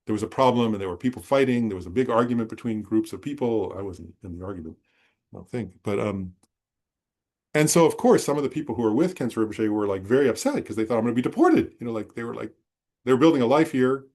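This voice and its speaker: Conversational male Buddhist teacher, mid-pitched. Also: lively intonation, fast talker, darkish tone. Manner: conversational, rambling, checks understanding with listeners. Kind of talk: dharma talk with personal storytelling.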